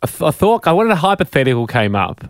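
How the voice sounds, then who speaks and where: A man's voice: on the high side, quick pace, no echo, studio quality. An Australian man co-hosting a comedy podcast, setting up jokey hypotheticals with laughs. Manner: lively, laughing, sets up hypotheticals. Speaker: podcast co-host. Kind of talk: casual comedic chat.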